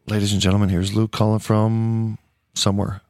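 A man's voice: fairly low pitch, flat delivery, normal speed, a little mellow, no room sound, studio quality. A man hosting a podcast in casual chat, joking and laughing often. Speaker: podcast host.

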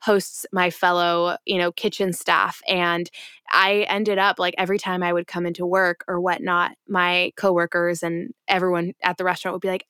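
Earnest young woman, smooth low voice. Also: little pitch movement, pushed and bright, dry recording, clean studio sound. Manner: earnest, reflective, slows down on key points. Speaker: podcast co-host. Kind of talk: casual faith-based podcast chat and storytelling.

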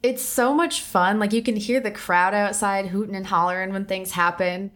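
A woman co-hosting a podcast, recounting things in a relaxed, chatty way. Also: mid-range voice, moderate pace. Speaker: podcast co-host. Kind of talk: casual chat.

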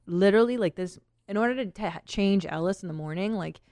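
A woman's voice: mid-range voice, moderate pace, darkish tone, no room sound. Candid, giggly woman podcast host. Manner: candid, giggly, rambling with fillers. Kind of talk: casual podcast chat.

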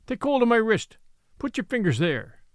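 A man reads as a punch-drunk little ex-boxer, pitched higher than the narration and swooping. His talk is insistent and oddly cheerful, set close in a dry room. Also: sing-song, moderate pace, dry recording. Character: battered little ex-prize fighter, man, unhinged. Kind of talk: audiobook reading.

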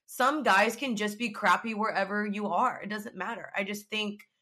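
A woman's voice: medium pitch, normal speed, sharp tone. A young woman hosting a podcast, chatting casually and animatedly retelling her story with quoted back-and-forth. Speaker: podcast host.

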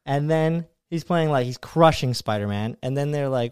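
A young man chatting casually as a podcast co-host, telling stories loosely with quick asides. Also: mid-range voice, lively intonation, a little mellow, clear, resonant tone, dry recording, clean studio sound. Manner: loose storytelling, quick asides, laughing often. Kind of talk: casual chat.

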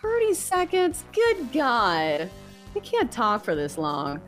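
A woman's voice: on the high side, huge pitch swings, slow, faint music behind. A woman with a Southern accent co-hosting a sports betting podcast, chatty and breezy, teasing herself as she talks. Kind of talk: casual sports betting chat.

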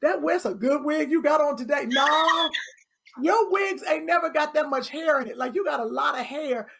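Teasing, gravelly high woman. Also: normal speed, a little hiss or hum. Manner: loud, teasing, laughing banter. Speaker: guest. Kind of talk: casual chat.

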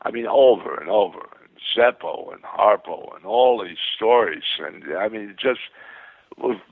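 Older guy on the phone, gravelly, tinny line, keeps restarting his stories, all excited. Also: on the low side, measured pace, dry recording. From Queens, New York. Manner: rambling, enthusiastic anecdotes with many restarts. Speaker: guest. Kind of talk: phone interview storytelling. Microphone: telephone.

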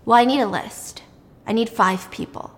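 Woman doing a grieving vengeful widow, flat curt demands, higher voice, long reverb. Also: normal speed, close to an everyday voice. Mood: demanding. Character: bitter, grieving widow bent on revenge.

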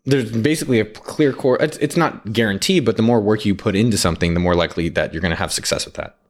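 A young man hosting a podcast, asking probing questions in an animated, laughing casual chat. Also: fairly low pitch, quick pace. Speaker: podcast host.

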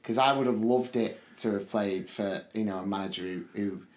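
A man, co-hosting a podcast in casual chat and telling stories with lively, loud bursts. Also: fairly low pitch, moderate pace. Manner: lively storytelling, loud bursts when acting out his shouting. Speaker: podcast co-host. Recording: roomy echo.

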